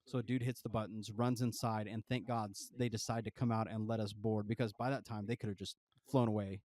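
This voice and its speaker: A man's voice: on the low side, level tone, a little fast, darkish tone, dry recording, studio quality. A man co-hosting a podcast, telling a rambling, profane travel story full of fillers. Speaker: podcast co-host. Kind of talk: casual storytelling.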